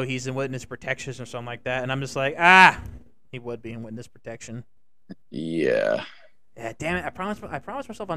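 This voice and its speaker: A man's voice: mid-range voice, clean tone, no echo. A young man co-hosting a podcast, rambling and swearing a lot in casual banter. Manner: profane, rambling and excitable. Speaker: podcast co-host.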